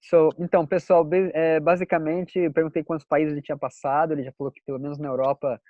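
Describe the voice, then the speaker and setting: Bilingual Brazilian host on a call. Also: male voice, fairly high pitch, very fast, no room sound, narrow, tinny audio. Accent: Brazilian Portuguese. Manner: lively, switches between Portuguese and English, laughs often. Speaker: host and interpreter. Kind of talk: bilingual video call interview. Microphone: video call.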